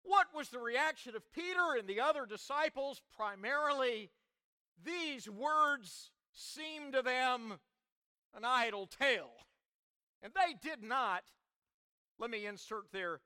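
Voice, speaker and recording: A pastor preaching in a high, bright, crisp voice that leaps from hushed asides to ringing, loud emphasis. He takes his time over every phrase, stretching out the key words. The sound is close and dry. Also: expressive, a little slow, no room sound. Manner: dramatic preacher, swings from soft to loud. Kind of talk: sermon.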